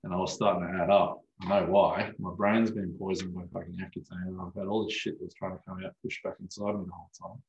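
Swearing man with a low voice. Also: quick pace, few pauses, echoey room, muffled recording. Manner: swears freely, animated storyteller. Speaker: osteopath guest. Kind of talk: casual podcast chat.

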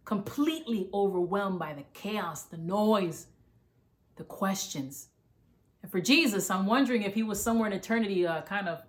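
A woman pastor delivering a fervent sermon, repeating calls to listen and sometimes running out of breath from excitement. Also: medium pitch. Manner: fervent, repetitive preaching with emphatic calls to listen.

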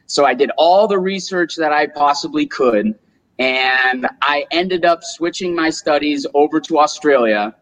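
A young man in his twenties from upstate New York, a little higher-pitched than most men. He tells his story as a guest in a casual, animated way. He acts out the quotes as he goes. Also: unhurried, rough recording. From Rochester, New York, US. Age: 20s. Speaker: guest, solar business owner.

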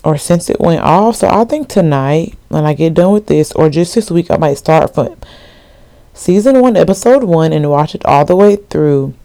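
A woman's voice: low voice, animated, normal speed, gravelly, dark tone, no echo. Young woman, 20s, solo podcast host. Casual, rambling, slangy delivery with a dry, close sound. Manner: rambling, slangy, full of asides and fillers.

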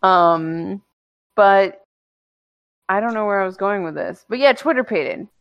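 A woman's voice: medium pitch, unhurried, no room sound, highs cut off. A young woman co-hosting a casual podcast chat, blunt and crude, laughing often. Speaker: podcast co-host.

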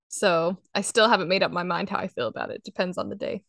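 A woman's voice: on the low side, fast talker, creaky, dry recording. Giggly young woman chatting. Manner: giggly, animated storytelling. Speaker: podcast co-host. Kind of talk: casual chat.

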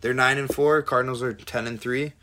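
A young man co-hosting a casual sports podcast, his voice at an ordinary middle pitch for a man. He rambles and restarts his sentences often as he thinks aloud. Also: fairly even intonation, pushed and bright, slight background noise. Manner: rambling, halting, many restarts. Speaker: podcast co-host.

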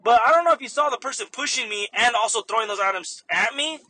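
A man's voice: extremely high pitch, lively intonation, fast talker, pushed and bright, husky, no room sound. A young man, a store manager, animatedly telling a story in a casual vlog, swearing freely and laughing often.

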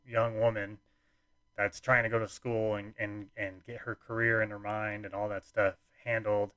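Young man, low voice, rambling casual storyteller, dead-dry close recording. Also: sharp tone, smooth, no echo. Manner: rambling, frequent fillers and restarts, nonchalant.

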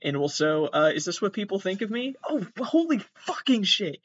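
A man's voice: high voice, sing-song, normal speed. A man hosting a podcast, reacting to videos in casual commentary, agitated, swearing often and exclaiming in alarm. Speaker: podcast host. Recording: dull lo-fi dry sound.

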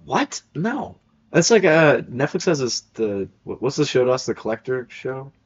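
Young guy podcast host, jokey, laughs a lot, bouncy pitch, kinda husky. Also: moderate pace. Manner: jokey, laughs often, animated. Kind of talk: casual podcast banter. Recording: dull lo-fi sound.

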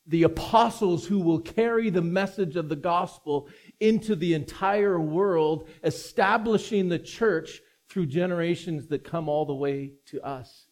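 Slow, earnest male pastor preaching. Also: on the high side, a little mellow. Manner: earnest, slow and deliberate with emphatic rises. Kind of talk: sermon with scripture reading. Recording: mains hum.

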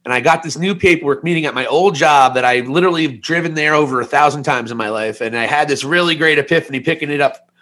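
A fast-talking man in his forties with a slightly high, somewhat bright voice co-hosts a casual podcast. He rambles through a candid story about himself, full of jokes that poke fun at himself.

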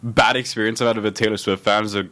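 A man's voice: lowish voice, fairly even intonation, quick pace, a bit bright. A young man hosting a student radio podcast in casual chat, rambling with many fillers and restarts, joking as he goes. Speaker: podcast host.

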